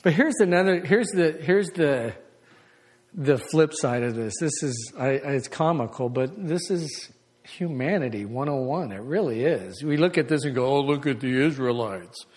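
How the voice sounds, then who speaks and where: A man gives a lively, conversational sermon, pitched a bit high and often slipping into other people's voices. His words ring out with a long reverb, like a big church hall. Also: normal speed. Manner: conversational, animated, acts out quoted voices. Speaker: pastor.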